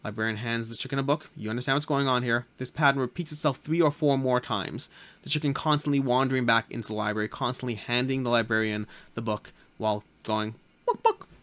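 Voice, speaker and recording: A man hosting a board game channel, telling a long joke to camera in a quiet, deadpan way with small self-corrections. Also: mid-range voice, fast. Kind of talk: casual chat, telling a joke. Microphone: camera mic.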